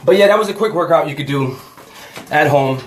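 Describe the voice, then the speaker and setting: A man vlogs a home workout, a bit breathless and chatty as he talks to the camera. His voice sits slightly high, and the room around him echoes. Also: fairly quick, a little hiss or hum. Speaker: fitness vlogger. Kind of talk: casual home workout vlog.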